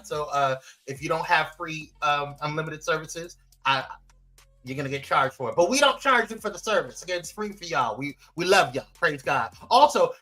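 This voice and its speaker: A man hosting a casual live-stream morning show, animated and playful, his voice swooping high when he teases. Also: rough recording. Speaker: host.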